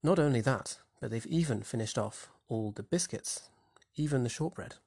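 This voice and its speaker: Man, literature lesson, husky voice, wry conversational delivery, dry close recording. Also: medium pitch, lively intonation, normal speed, a little mellow, no room sound. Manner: wry, conversational, posing questions to the listener. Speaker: literature teacher. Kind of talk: explanatory lesson narration.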